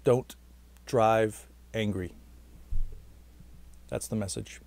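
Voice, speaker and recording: A man's voice: on the low side, drawn-out words, darkish tone. A tired man, a vlogger and stage actor, rambling to camera in a chatty, self-mocking way and talking on past his own sign-off. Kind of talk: rambling casual monologue to camera.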